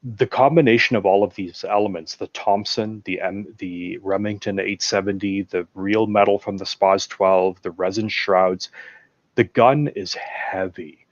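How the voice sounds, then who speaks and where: A man with a lowish, fairly even voice talks a little slowly in a dull, lo-fi recording with no room sound. As a guest on a casual film podcast, he's enthusiastic and prone to digressions, eager to share trivia and the props he has built.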